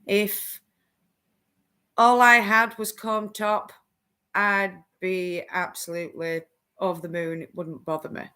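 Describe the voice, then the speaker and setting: A woman's voice: mid-range voice, flat delivery, slow, long pauses, pushed and bright, clear, resonant tone. A woman hosting a casual crafting live stream, chatting with viewers and laughing often.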